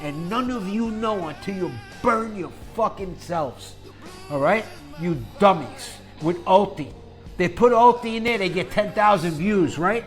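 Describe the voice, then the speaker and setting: A man with a slightly high voice delivers an angry, profane investing rant on his own channel, swinging between calm explanation and shouting. His voice is worn and hoarse from talking, and faint music plays underneath. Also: a little slow. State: losing his voice. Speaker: investing YouTuber. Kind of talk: angry ranting monologue.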